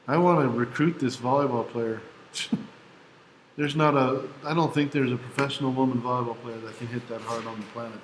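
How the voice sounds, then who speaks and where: Man, teacher, tired, chatty, restarts sentences, mid-pitched voice, echoey classroom, faint ambience. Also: a little hiss or hum. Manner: chatty, laughs easily, restarts his sentences. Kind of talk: classroom lecture with anecdote.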